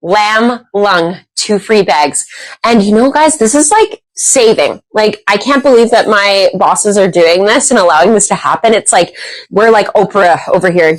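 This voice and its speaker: A bubbly, excitable woman hosting a live shopping stream, chatting and cheering on the prize wheel. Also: medium pitch, measured pace, no echo, low-quality recording. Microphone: clip-on microphone.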